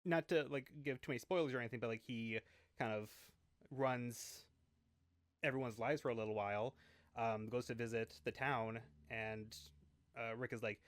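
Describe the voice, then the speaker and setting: A man co-hosting a casual book club chat, talking in a relaxed, musing way. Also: mid-range voice, normal speed, no room sound, clean studio sound. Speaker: podcast co-host.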